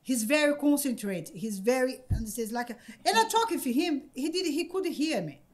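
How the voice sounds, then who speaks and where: Excited high-voiced woman. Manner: excited, laughing, halting with many repeated words. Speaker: podcast guest. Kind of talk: casual storytelling. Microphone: podcast microphone.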